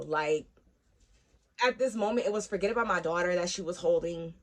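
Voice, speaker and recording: A young woman vlogger telling a personal story in casual, animated chat, swearing freely and acting out the voices of the people she quotes. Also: lowish voice, moderate pace, long pauses.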